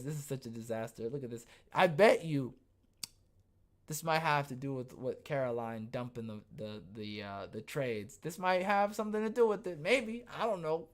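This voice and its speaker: A podcast host riffing sarcastically on the news during a live show, animated and quick to laugh. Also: medium pitch. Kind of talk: live news commentary chat.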